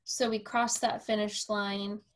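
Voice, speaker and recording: A woman's voice: mid-range voice, level tone, unhurried, fairly bright tone. A woman with a mid-range voice talks through a casual podcast conversation. She tells her story with energy, slipping into quoted voices of herself and others. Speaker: podcast host.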